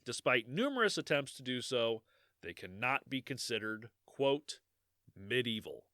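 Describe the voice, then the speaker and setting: A man's voice: medium pitch, a little slow, no room sound, studio quality. A man co-hosting a podcast, chatting casually and reading out a long quote, swearing freely. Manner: swears freely, laughs often; animated, swings between loud and quiet. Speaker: podcast co-host.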